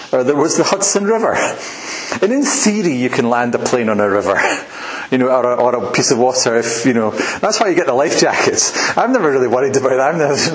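A man preaching a sermon in a relaxed, chatty way, often laughing at his own asides. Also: medium pitch, roomy sound, low-quality recording. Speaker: pastor.

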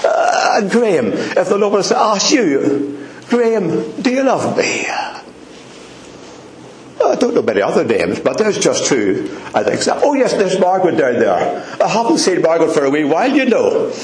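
A man preaches a sermon in a church hall, calling out congregation members by name and hammering his points home with fervent repetition. His fairly high voice swoops wildly in pitch at a moderate pace, over roomy hall echo and slight background noise.

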